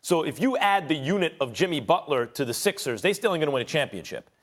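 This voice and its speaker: A man's voice: a little high, very animated, fast talker. A man debating basketball on a sports show, analytical and stammering as he works through his reasoning.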